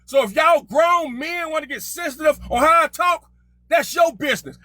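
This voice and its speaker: Combative man on a group call, very high and sharp, dry close sound. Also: normal speed, no echo. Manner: loud, combative, repeats himself. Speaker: participant in an online group call. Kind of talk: heated argument.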